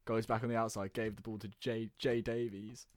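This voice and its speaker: A young man in lively, argumentative podcast banter, his voice a touch low and heard close and dry. He rattles through lists of names and pushes his points with quick energy. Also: dry recording. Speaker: podcast co-host. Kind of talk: casual sports banter.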